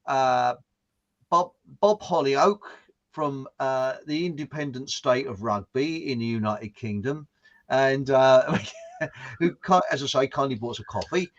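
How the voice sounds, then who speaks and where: A man's voice: mid-range voice, a little slow, highs cut off. A man from England hosting a casual online chat, joking and reading out viewers' names. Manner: chatty, jokey, reads out viewer names. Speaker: host.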